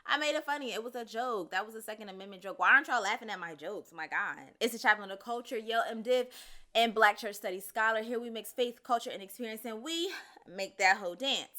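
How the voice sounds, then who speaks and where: Blunt, sassy woman with a bright voice. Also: a little high, brisk. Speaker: commentary show host. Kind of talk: casual social commentary.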